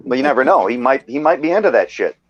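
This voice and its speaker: A man's voice: mid-range voice, very animated, fast, no echo. A man on a casual online call, making crude jokes. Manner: crude joking. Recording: dull lo-fi call audio with loud noise.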